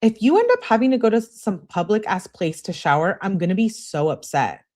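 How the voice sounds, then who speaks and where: A woman's voice: mid-range voice, sing-song, fairly quick, a little mellow, pitched above the performer's own voice. A woman reading aloud the text messages of a young woman who pleads with and demands things of her boyfriend, in a raised, insistent tone.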